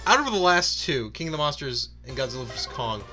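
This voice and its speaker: A man co-hosting a gaming video, chatting casually with a quick laugh and stammering restarts. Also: mid-range voice, lively intonation, pushed and bright, faint music behind. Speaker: co-host of a gaming channel. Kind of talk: casual chat over gameplay.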